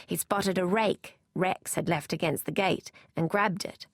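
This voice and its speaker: A woman narrating a novel aloud in first person, in a measured, even manner. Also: lowish voice, no echo, studio quality. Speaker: audiobook narrator.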